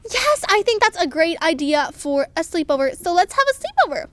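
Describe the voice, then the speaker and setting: A woman tells a doll story aloud, voicing every toy herself in a playful, animated way. Her voice sits very high and girlish, and her pitch swoops up and down as she switches between the characters. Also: fairly quick, dry recording.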